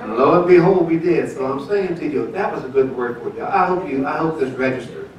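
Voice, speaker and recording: During a church service, a man in his seventies, the pastor, laughs his way through a folksy tale about his marriage amid testimony and announcements. His voice is on the high side and a little fast. The lo-fi recording, made from a distance in the echoey sanctuary, carries slight hiss or hum.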